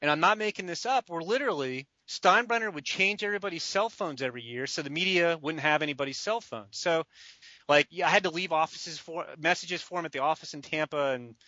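A man co-hosting a podcast, telling a story in a casual, animated way with laughs. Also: a little high, brisk, no echo. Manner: animated, laughing, acts out quotes. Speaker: podcast co-host, draft writer. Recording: dull lo-fi dry podcast audio.

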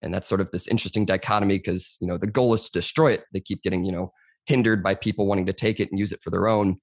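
Low-voiced man explaining at length. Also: fairly even intonation, quick pace, no echo, studio quality. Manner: explains at length, often says "you know". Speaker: podcast guest. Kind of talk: casual interview conversation.

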